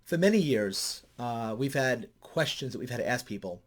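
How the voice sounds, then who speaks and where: Talking at a moderate pace, this middle-aged man, a counselor, narrates his vlog with lively stories. Excitement pushes his voice up high.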